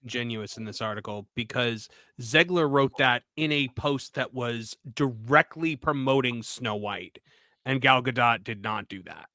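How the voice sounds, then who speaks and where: A man with a bright, sharp-edged voice breaks in as a guest commentator. He makes short, pointed objections at a medium pitch. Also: unhurried. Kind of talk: casual commentary chat.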